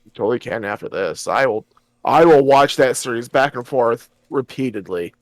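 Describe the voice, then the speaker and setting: A man's voice: medium pitch, animated, normal speed, dry recording. A man in casual group chat on a voice call, eager and agreeable. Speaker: stream co-host.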